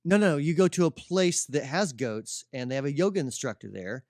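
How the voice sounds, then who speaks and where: A man's voice: fairly high pitch, lively intonation, normal speed, a little mellow, no echo, clean studio sound. A man from Indiana with a slight drawl, co-hosting a casual podcast chat, joking and laughing often. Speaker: podcast co-host.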